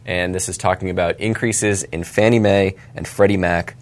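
A man with a fairly low voice co-hosts a casual finance podcast. He sounds upbeat and optimistic, and he reads the headlines in a relaxed, conversational way. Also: normal speed. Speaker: podcast co-host. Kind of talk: casual chat.

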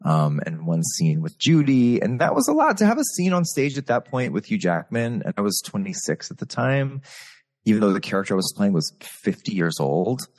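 Deep-voiced man telling stories on a call. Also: wildly swooping pitch, normal speed, a little mellow, in a large hall. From Texas. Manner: candid, storytelling. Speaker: guest performer. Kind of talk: casual interview chat. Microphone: video call.

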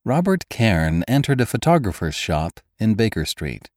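A man reads a classic tale in a measured, expressive way. His low voice moves widely in pitch, and the recording is close and dry. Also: no room sound. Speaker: narrator. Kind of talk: audiobook narration.

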